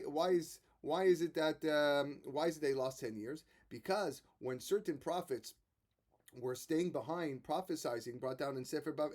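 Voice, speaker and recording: A man who is a rabbi giving a Torah lesson, retelling the stories with animated quoted voices and frequent restarts. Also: medium pitch.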